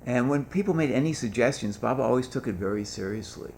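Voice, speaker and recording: A man's voice: medium pitch, lively intonation, fast, a little mellow, a little hiss or hum. An older man telling humorous anecdotes at a gathering, acting out the voices of the people he quotes. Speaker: speaker at a gathering. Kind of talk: storytelling talk.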